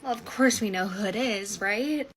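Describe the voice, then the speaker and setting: A woman's voice: mid-range voice, normal speed, slight background noise. A young woman telling a storytime in a sassy, casual way, swearing freely and acting out her own reactions.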